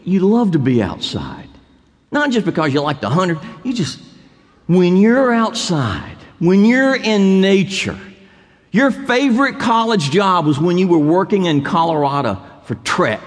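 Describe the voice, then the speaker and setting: Animated preaching man in a reverberant church. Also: sits high. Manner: animated preaching, rising to emphatic repetition. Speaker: pastor. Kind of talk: sermon. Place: church sanctuary. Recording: long hall reverb.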